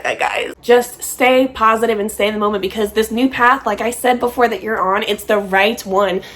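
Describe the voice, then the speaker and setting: A young woman hosting a casual vlog. She talks while smoking and high, rambling and swearing freely. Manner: rambling, profane, giggly; high and easily distracted. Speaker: vlogger and podcast host.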